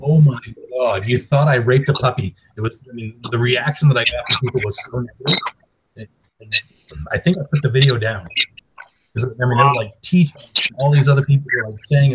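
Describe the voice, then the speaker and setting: A man's voice: medium pitch, fairly quick, noisy background. A man chatting easily on a live stream call, often restarting his sentences. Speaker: YouTuber guest. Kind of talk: casual chat.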